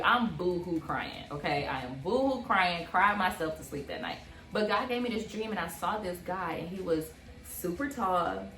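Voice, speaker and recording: A young woman in her twenties, casually telling a personal story on a couple's vlog, animated and full of fillers. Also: lowish voice, roomy sound. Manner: animated, many fillers, acts out quotes. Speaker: vlog co-host.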